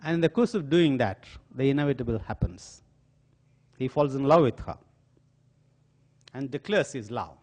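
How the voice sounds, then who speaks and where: A man's voice: mid-range voice, moderate pace, long pauses. An older man with an Indian accent, giving a lecture full of dramatically told stories in an auditorium. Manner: animated, dramatic storytelling. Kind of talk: storytelling lecture.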